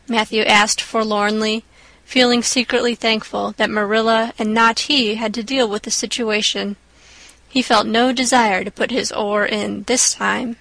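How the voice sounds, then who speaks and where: A woman narrating a classic storybook audiobook in a measured, expressive way. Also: a little high, no echo, low-quality recording.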